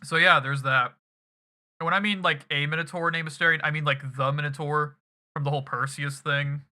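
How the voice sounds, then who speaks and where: Chatty game streamer, super bright voice, rambly and loose, swears a bit. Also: mid-range voice, steady tone, a little fast. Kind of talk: casual stream commentary.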